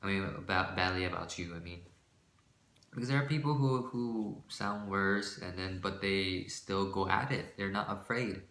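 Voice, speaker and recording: A man's voice: deep voice, moderate pace, a bit bright, roomy sound. A man talking to the camera in a casual vlog, rambling and self-deprecating, restarting his sentences and laughing nervously between phrases. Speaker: vlogger.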